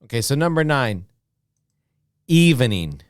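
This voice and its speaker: Teaching beginner English, a man from the United States drills vocabulary slowly, saying every word distinctly, repeating it, and sprinkling in many "okay"s. He's very animated, with lots of pitch movement, captured close to the mic in a smooth, dry, echo-free recording.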